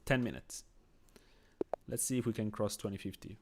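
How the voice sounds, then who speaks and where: A man with a Swiss accent, speaking English as a second language, talks through his chess moves and reads out viewer comments. His voice is low and carries a gravelly fry. He talks in an easy, chatty way and reasons aloud as he plays. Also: moderate pace, a little mellow. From Switzerland. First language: not English. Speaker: chess streamer. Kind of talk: casual live-stream commentary.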